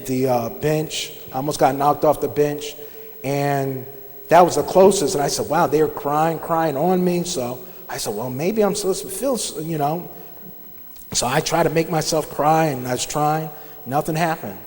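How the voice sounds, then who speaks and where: A middle-aged man shares a personal testimony from a church sanctuary, his speaking voice sitting a touch higher than most men's. He tells it plainly and conversationally, stopping and restarting as he gathers his words, while a long reverb from the large hall trails after him. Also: darkish tone. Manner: conversational, halting storytelling with frequent restarts. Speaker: church member giving testimony.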